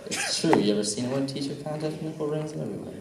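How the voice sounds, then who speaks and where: A man's voice: on the high side, very fast, very noisy. A young man with a Midwestern accent works through a crude stand-up set, acting out the other voices in his stories. He is recorded in an echoey club from some distance off the mic. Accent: Midwestern American. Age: young adult. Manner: casual, crude storytelling with acted-out dialogue. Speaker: stand-up comedian. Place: comedy club.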